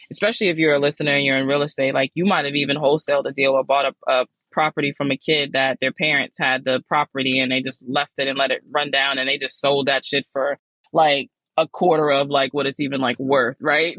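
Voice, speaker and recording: Candid woman podcaster, lively pitch jumps. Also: no room sound, low-quality recording. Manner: candid, swears freely, laughs, pitch jumps up when animated. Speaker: podcast host. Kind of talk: casual solo podcast talk.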